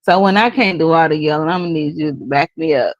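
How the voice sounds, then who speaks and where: A woman co-hosting a casual talk show, speaking, soft-spoken and playful. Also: deep voice, quick pace, highs cut off, slight background noise. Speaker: podcast co-host. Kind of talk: casual chat.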